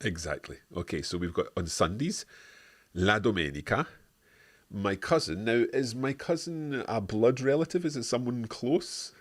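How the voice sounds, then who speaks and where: A man's voice: medium pitch, lively intonation, normal speed. A man co-hosting a live online language lesson, chatty and prone to correcting himself with a laugh.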